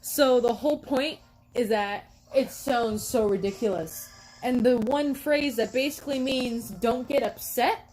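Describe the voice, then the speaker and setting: A woman's voice: a little high, unhurried, darkish tone, soft background music, rough recording. A woman streamer chatting casually with her viewers, laughing often and answering chat.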